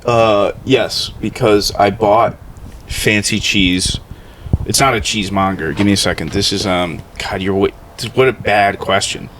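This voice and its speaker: A young man co-hosting a comedy podcast, from Ohio, riffing in long, rambling, deadpan bits. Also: on the low side, measured pace, a little hiss or hum. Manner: rambling absurd riffs, deadpan. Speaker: podcast co-host.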